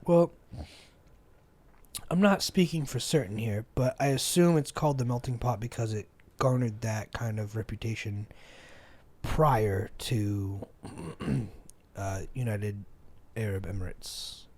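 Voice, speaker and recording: A man's voice: fairly low pitch, measured pace, pauses often, darkish tone, no echo. A man co-hosting a podcast in casual chat, goofy and jokey, swearing freely. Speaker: podcast co-host.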